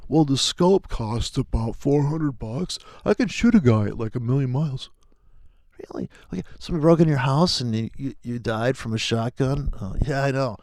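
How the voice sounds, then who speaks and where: A man's voice: mid-range voice, lively intonation, normal speed, a little mellow, dry recording, clean studio sound. A middle-aged man hosting a trading video, rambling in a profane, joking way. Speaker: forex trading video host. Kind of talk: casual rambling monologue.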